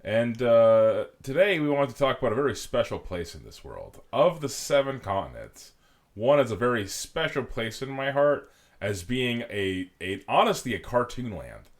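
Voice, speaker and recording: A man's voice: mid-range voice, big pitch swings, normal speed. A man hosting a podcast in casual, playful chat, laughing often. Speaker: podcast host.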